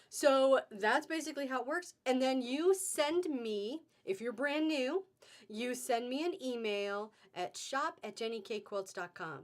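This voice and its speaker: A chatty, upbeat woman with a slightly high voice hosts a live online sale. She talks casually to her viewers and greets them by name as she goes. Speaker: host of a live fabric sale. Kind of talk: casual live-stream chat.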